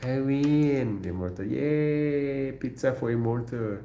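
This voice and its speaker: A man from Indonesia with an Indonesian accent, hosting a casual livestream from his kitchen, answering viewer comments in a halting way with many fillers and frequent chuckles. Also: mid-range voice, mellow. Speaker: livestream host. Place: home kitchen. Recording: roomy echo.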